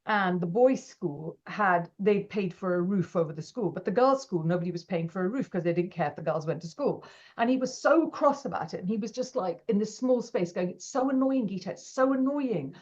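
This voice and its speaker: Brief: woman, middle-aged, expressive storyteller, slightly low pitch, muffled remote audio. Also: fairly quick. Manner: animated, acts out quoted voices, laughs often. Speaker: podcast guest. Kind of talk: casual interview storytelling.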